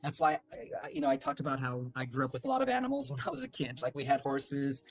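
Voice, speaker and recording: A man's voice: mid-range voice, sing-song, fast. A man, a guest on an interview, telling a long family story in a loose, rambling way with many fillers and restarts. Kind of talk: casual storytelling.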